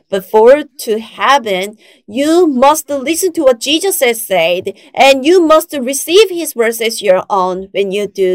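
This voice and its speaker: A woman in her forties preaching a sermon, slow and emphatic, rising sharply when she quotes herself. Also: medium pitch, dry recording. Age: 40s.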